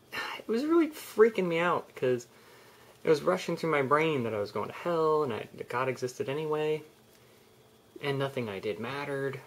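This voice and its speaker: A man's voice: fairly high pitch, fairly bright tone. A young man telling a personal story in a candid, rambling vlog, often restarting his sentences. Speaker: vlogger.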